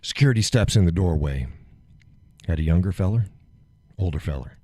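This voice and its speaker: Middle-aged male host, low mellow voice, animated profane storyteller, dry close sound. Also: brisk, no echo. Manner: animated retelling, acts out quotes, profane, laughs often. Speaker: live show host. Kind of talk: casual storytelling on a live stream.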